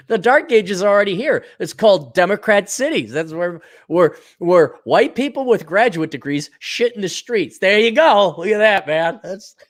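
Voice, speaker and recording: Solo podcast host, middle-aged male, freshly awake; sardonic, profane rant with an animated, rather high-pitched voice. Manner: blunt, profane, sardonic, laughs at own jokes. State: just woken up. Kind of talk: casual solo podcast rant, reading listener donations.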